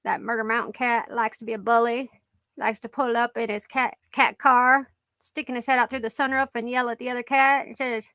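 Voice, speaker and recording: A woman's voice: on the high side, little pitch movement, fairly quick, sharp tone, no echo, studio quality. A middle-aged woman hosting a casual live-stream chat, rambling and joking about her pets and laughing often as she reads comments. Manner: rambling and jokey, laughs a lot.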